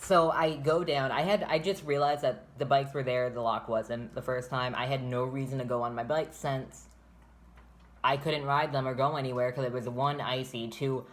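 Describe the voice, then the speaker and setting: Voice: mid-range voice, fairly even intonation, normal speed. Rambling, profane storyteller in casual chat. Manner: rambling, profane, restarts often. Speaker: storyteller vlogger.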